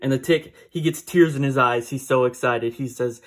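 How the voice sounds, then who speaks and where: A man's voice: mid-range voice, normal speed. A man casually recapping a comic book issue, rambling with fillers and small laughs.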